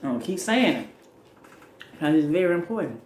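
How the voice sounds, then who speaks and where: A woman's voice: low-pitched, sing-song, fairly quick, a little mellow. A woman talking casually about self-care during a mukbang, repeating her points and laughing between lines. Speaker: mukbang vlogger. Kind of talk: casual advice talk while eating. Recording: echoey room with faint noise.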